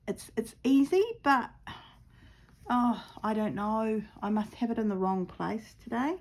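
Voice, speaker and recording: A woman casually talking viewers through her stitching, chatty and quick to laugh at her own mishaps. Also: mid-range voice, vocal fry, darkish tone. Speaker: craft vlogger.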